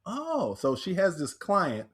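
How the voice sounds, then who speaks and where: A man, a speaker and author, telling personal stories in a podcast interview, animated and acting out the voices he quotes. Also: high voice, slow, slight background noise.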